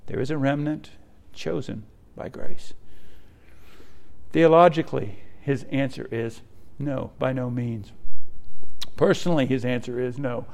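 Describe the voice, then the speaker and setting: A man's voice: mid-range voice, measured pace, creaky, a little mellow. A male pastor preaching a sermon, emphatic, often checking in with "right?" as he explains.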